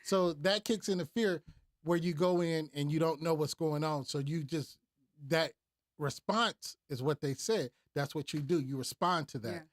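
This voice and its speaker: Male panelist, higher pitch, easygoing chat with restarts, dry sound. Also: normal speed, dry recording. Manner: relaxed, loosely recounting with restarts. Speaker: discussion panelist. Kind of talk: casual group discussion.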